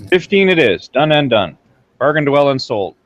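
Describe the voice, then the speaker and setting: Lively joking game master on a call. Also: male voice, medium pitch, moderate pace. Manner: joking and teasing, swears freely. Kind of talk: casual chat on a video call. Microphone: video call. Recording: dull lo-fi video call audio.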